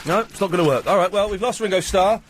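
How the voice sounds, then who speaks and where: A man hosting a live radio phone-in, lively, a little flustered and out of breath. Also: high voice, fast, over loud music. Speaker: radio host.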